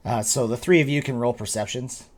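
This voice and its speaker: A man's voice: medium pitch, fairly quick. A man narrating as game master of a tabletop game, rambling with many fillers and frequent laughs.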